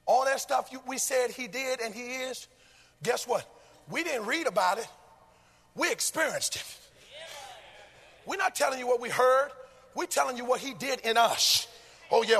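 A man a sermon in a rhythmic, sung cadence that swells into shouted chanting. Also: very high voice, slightly rough, in a large hall. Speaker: preacher.

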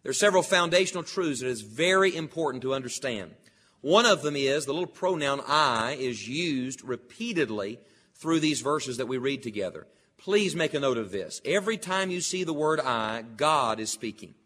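A man preaching a sermon, reading scripture slowly and deliberately, then teaching in an earnest, emphatic way. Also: medium pitch, lively intonation, fairly bright tone.

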